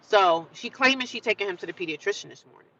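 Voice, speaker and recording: A woman's voice: mid-range voice, lively intonation, fast, pushed and bright, highs cut off. A woman hosting a casual livestream, talking straight to her viewers, greeting them by name and often repeating herself as she goes. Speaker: livestream host.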